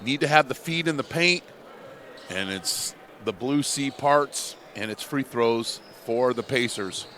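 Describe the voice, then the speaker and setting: A man's voice: mid-range voice, unhurried, a bit bright, slight background noise. A man in his fifties giving basketball color commentary, explaining plays in a coach-like way. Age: 50s.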